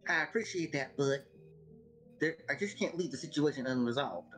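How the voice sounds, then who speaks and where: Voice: medium pitch, expressive, moderate pace, a bit bright, faint music behind, poor audio. Casual player speaking a character's lines. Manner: casual, thinking aloud, stumbling over words. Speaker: player choosing dialogue. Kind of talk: role-playing dialogue on a game stream.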